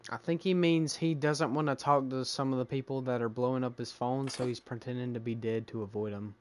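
A young man gives loose, banter-filled commentary as he plays through a game, tossing out slang and jokes. His voice sits at an ordinary middle pitch. There is a faint hiss of noise under it. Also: fairly even intonation, a little fast. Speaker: gameplay host. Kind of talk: casual let's-play commentary.

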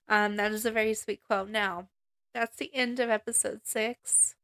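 A woman's voice: mid-range voice, steady tone, moderate pace, a bit bright, dry recording, clean studio sound. A woman hosting a home cooking podcast, reading recipe ingredients item by item with chatty asides. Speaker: podcast host.

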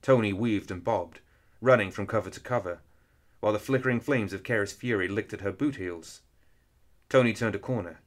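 A man reading an action story aloud in steady, measured narration. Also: lowish voice. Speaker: audiobook reader. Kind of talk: scripted narration.

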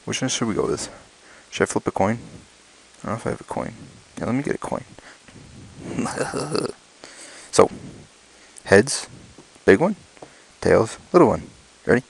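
A man unboxing motorcycle gear at home late at night, talking quietly and slipping into excited whispers so as not to wake a sleeping child. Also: on the low side, normal speed, creaky, pauses often, slight background noise, poor audio. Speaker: motorcycle vlogger. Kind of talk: casual unboxing vlog.

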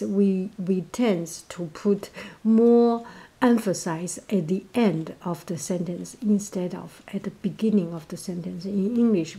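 A woman with a Chinese accent, a native Chinese speaker, explaining a language point in a casual, hesitant way, often pausing to search for words. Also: lowish voice, dark tone, breathy edge.

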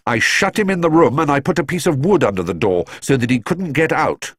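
An earnest, polite young bear from a storybook, patiently explaining himself in a lifted, lively voice, as a man puts him on. The sound is dry and close. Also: on the high side, a little fast, slightly rough, no room sound, voice pushed up.

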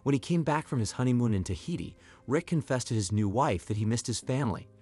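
Husky male storyteller over soft music. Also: mid-range voice, lively intonation, fast talker. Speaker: narrator. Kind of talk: scripted story narration.

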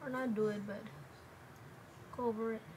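A woman's voice: a little high, moderate pace. A woman casually walking through a makeup tutorial at home, rambling with lots of fillers. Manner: relaxed, rambling, with many fillers. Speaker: makeup vlogger. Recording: noticeable background noise.

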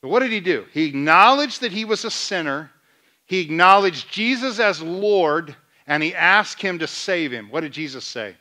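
A man preaching a sermon as pastor, asking the congregation questions and retelling scenes in lively dialogue. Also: high-pitched, moderate pace. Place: church sanctuary.

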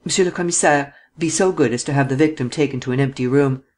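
A man's voice: medium pitch, quick pace, a little mellow, natural voice. A man reading an audiobook and voicing a short-tempered chief detective who snaps out orders. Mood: curt. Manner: curt, commanding. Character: curt ill-tempered male chief detective.

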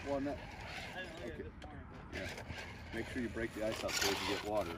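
A man's voice: on the low side, animated, normal speed. A man giving plain practical instructions about the animals' chores. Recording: distant voice with loud background noise.

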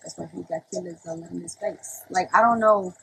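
A woman's voice: on the low side, steady tone, fairly quick, gravelly, husky, rough recording. A young woman ranting casually on a phone livestream, brash and profane, often breaking into laughter.

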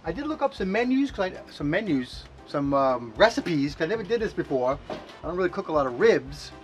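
With soft background music playing, a man with a high-ish, very animated voice co-hosts a casual cooking segment on camera in his home kitchen and at the grill. He talks fairly quickly, rambling and often restarting.

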